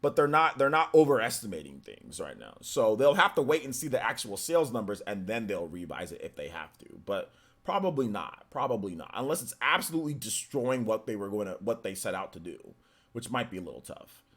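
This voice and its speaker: Hosting a live stream, a young adult man with a light Northern Californian accent rambles easygoingly through viewer comments, packing his speech with fillers. His voice sits on the low side, very animated, a little fast and fairly bright.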